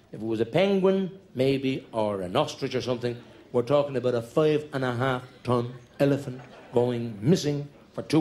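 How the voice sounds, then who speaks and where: A middle-aged Irish man telling long comic stories on stage in a chatty, conspiratorial way, building jokes through repetition. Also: on the high side. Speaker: stand-up comedian. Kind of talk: live stand-up storytelling.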